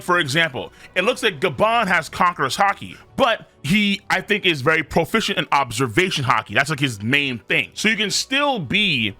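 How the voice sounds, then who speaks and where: A man reviewing a manga chapter in casual commentary, animated, now and then putting on quick voices for the characters. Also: on the high side, no room sound.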